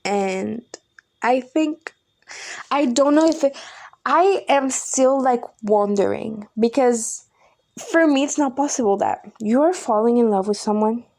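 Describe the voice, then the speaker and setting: A woman's voice: a little high, slow, mellow. A young woman hosting a podcast, telling a personal breakup story in a candid, exasperated way and swearing freely. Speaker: podcast host.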